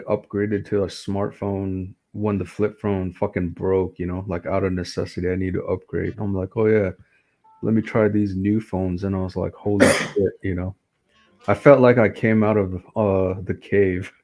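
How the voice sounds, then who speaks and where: A man's voice: on the low side, mellow. A man chatting casually on a podcast, loose and full of swearing and "like". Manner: loose, swears a lot, says "like" often. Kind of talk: casual chat.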